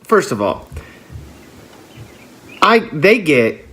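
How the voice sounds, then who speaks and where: A man's voice: fairly high pitch, sing-song, drawn-out words, a bit bright, husky. A man hosting a casual podcast, easygoing and loose, with frequent ums and restarts. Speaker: podcast host.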